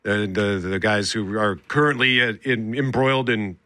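Bright, dry-voiced male radio host. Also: on the low side, moderate pace, dry recording. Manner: laughs often, animated storytelling. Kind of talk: casual on-air chat.

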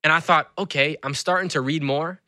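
A man's voice: fairly high pitch, a little fast, no echo, studio quality. A man who is an author and school speaker, telling stories animatedly as an interview guest. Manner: animated storyteller. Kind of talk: conversational interview.

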